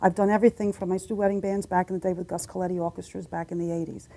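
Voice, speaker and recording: A woman's voice: on the low side, little pitch movement, rapid-fire, mellow, a little hiss or hum. A middle-aged woman, a singer, telling stories in a casual interview chat and acting out the voices in her anecdotes. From United States. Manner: chatty storyteller, acts out voices in anecdotes. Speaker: singer and guest.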